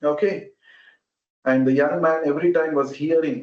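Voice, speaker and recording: A man's voice: a little high, steady tone. Guy telling a devotional story on a call, takes his time, roomy muffled audio. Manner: unhurried, acts out each character. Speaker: spiritual speaker. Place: online meeting.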